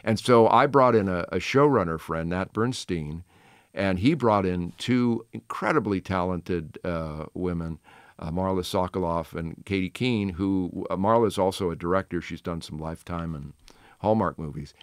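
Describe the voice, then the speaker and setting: A man in his sixties, a television host, telling chatty anecdotes with quick asides in a casual interview. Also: low-pitched, dry recording, clean studio sound.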